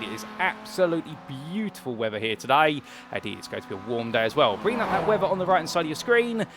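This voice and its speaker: A British man in his thirties talks through a sim racing session at an easy middling pitch. He rambles from point to point with polite, old-fashioned turns of phrase. Faint background noise sits under the voice. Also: fairly bright tone. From United Kingdom. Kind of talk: solo race commentary.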